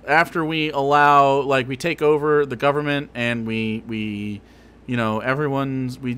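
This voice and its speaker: A livestream host with a mid-range, bright, forceful voice reacts to a video in a casual rant. He's crude and sarcastic, mock-ranting throughout.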